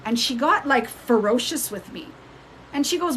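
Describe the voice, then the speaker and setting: A woman telling a personal story on a casual live stream. She retells it in an animated way and jumps up in pitch when she acts out the people in it. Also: normal speed, slight background noise, poor audio. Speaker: spiritual storyteller. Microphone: phone mic on a live stream.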